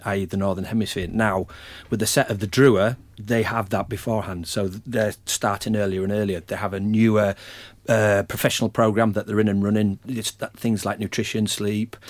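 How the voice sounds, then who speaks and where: A middle-aged man with a Northern English accent speaks in a low, measured voice. He is plain-spoken and often restarts his sentences, as a guest in a relaxed podcast chat. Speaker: guest, rugby conditioning coach.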